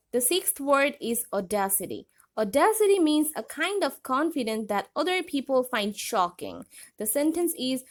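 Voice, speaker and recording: A woman with a high voice hosts an online vocabulary lesson. She explains each word clearly and sounds friendly and patient throughout. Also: very animated, normal speed. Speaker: English vocabulary teacher, channel host.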